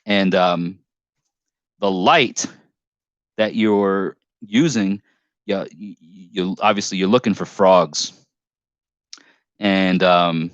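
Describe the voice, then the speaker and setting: Northern US man, lowish voice, rambling live-stream storyteller, dull dry headset sound. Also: slow pace, long pauses, dry recording. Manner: rambling storytelling with many restarts and self-corrections. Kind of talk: casual live stream chat.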